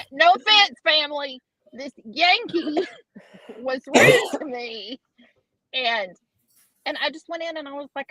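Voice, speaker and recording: A woman with a Southern US accent, co-hosting a casual podcast chat and telling stories with animated laughter. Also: high voice, no echo, highs cut off. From Southern United States. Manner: animated storyteller, laughs a lot. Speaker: co-host.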